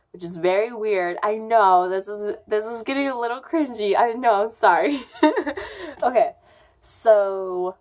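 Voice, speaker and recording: A woman's voice: medium pitch, a little mellow. A young woman vlogger telling a story time in a casual, rambling way, full of fillers.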